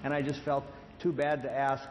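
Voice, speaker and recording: A man's voice: mid-range voice, little pitch movement, moderate pace, darkish tone, slight background noise. A man giving a conversational sermon, telling a story about an intervention and acting out the quotes. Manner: conversational, repeats words, acts out quotes. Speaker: speaker on addiction and grace. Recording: long hall reverb.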